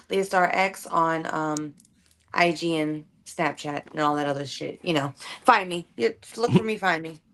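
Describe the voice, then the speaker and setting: Relaxed, giggly woman signing off. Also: fairly low pitch. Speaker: podcast co-host. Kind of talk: casual livestream sign-off.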